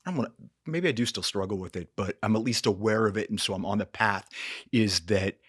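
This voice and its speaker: A man's voice: fairly low pitch, fairly quick, slightly rough. A man who works as an actor, talking earnestly as a podcast guest and often acting out quotes in different voices. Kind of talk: casual interview talk.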